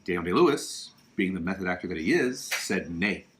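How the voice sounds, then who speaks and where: Chatty, opinionated man with a low voice. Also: animated, a little fast, fairly bright tone. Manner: chatty and opinionated, emphatic asides. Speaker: podcast host. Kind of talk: casual livestream chat about films. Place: home living room.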